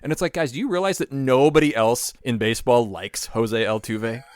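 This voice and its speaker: A man's voice: mid-range voice, normal speed, no echo. A man co-hosting a casual sports podcast, talking earnestly and pushing back with homely analogies. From Minnesota. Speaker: podcast co-host.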